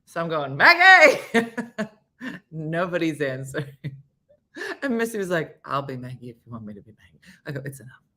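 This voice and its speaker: Animated low-voiced woman host telling a story. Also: quick pace. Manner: animated storyteller, acts out quotes, laughs often, drops to whispers. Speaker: morning show host. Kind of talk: casual storytelling chat.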